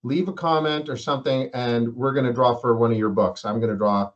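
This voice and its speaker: A man's voice: mid-range voice, fairly quick. Joking man host, dull lo-fi sound. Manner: joking, rambling anecdotes. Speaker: interview host. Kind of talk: casual interview chat.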